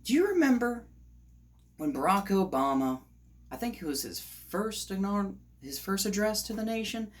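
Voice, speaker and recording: A man giving a heated opinion monologue on his vlog, ranting and sometimes rising to shouts. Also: high-pitched, steady tone, moderate pace. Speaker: commentator.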